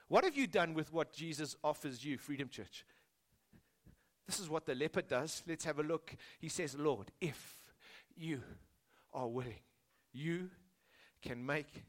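A man preaching a sermon as pastor, swinging between forceful emphasis and hushed, low phrases.

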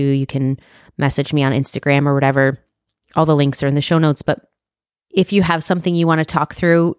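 Low, smooth-voiced woman podcast host. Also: dry recording, studio quality. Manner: earnest and heartfelt, with restarts and soft laughs. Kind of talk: reflective solo podcast monologue.

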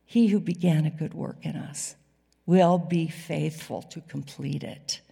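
A woman preaching a sermon to a church congregation, swinging from loud emphasis to hushed whispers. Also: deep voice, unhurried, gravelly, husky. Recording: reverberant hall sound.

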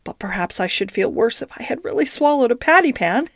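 A woman's voice: fairly high pitch, expressive, fairly quick, no room sound, studio quality, voice pushed up. A woman voicing a fretful, genteel female dog in a storybook reading. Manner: worried, fussy storytelling voice.

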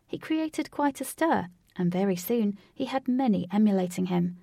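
A woman narrating a storybook in a steady, expressive reading voice. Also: medium pitch, normal speed, gravelly, no echo, clean studio sound. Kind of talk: storybook read-aloud narration.

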